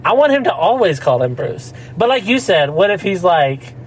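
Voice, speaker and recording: A man's voice: high voice, big pitch swings, moderate pace, slight background noise, low-quality recording. A man telling a rambling story in casual chat, laughing often and slipping into mock voices. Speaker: podcast co-host.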